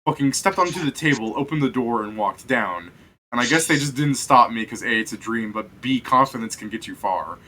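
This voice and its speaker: A young man with a bright, forward voice spins a rambling story during casual chat. He plays the game master, swears freely and laughs at his own tale. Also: medium pitch, lively intonation, fairly quick.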